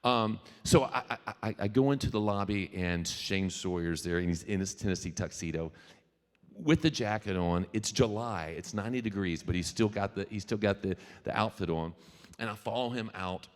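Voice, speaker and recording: A middle-aged man, a musician, telling an animated story to a live audience, stammering on restarts. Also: lowish voice, normal speed. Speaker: featured speaker and musician. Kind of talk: storytelling keynote talk. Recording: reverberant hall.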